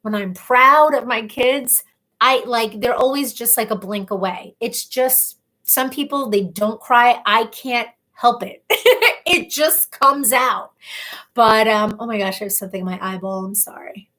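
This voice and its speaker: With a slightly high, bright voice that's a little slow and forceful, this woman in her thirties runs a casual livestream. She reads viewers' comments aloud and talks in a chatty, emotional, openly personal manner.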